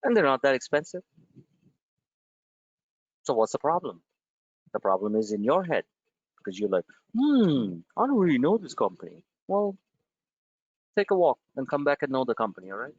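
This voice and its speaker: A man's voice: medium pitch, very animated, normal speed, long pauses, no echo, dull audio. A man hosting a trading webinar, blunt and emphatic, firing off rhetorical questions at his listeners.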